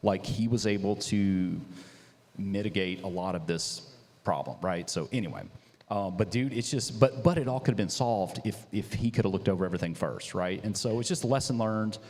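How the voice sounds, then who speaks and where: A man, a business founder, telling a story in a casual chat, lively and acting out quotes. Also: normal speed, big-room sound. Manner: animated, acts out quotes with big pitch jumps.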